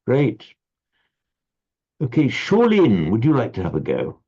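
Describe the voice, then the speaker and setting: A man leads an online recitation class, explaining syllable rhythm patiently and stumbling into little restarts. His voice sits at a medium pitch. It comes through a slightly dull, lo-fi video call line. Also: huge pitch swings, measured pace, warm tone, slightly rough. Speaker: Sanskrit recitation teacher.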